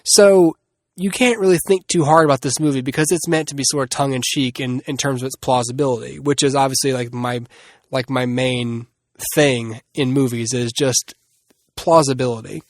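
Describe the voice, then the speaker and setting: A man's voice: medium pitch, steady tone, moderate pace, no echo, studio quality. A man hosting a solo movie review podcast, rambling and restarting often with many fillers. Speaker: podcast host.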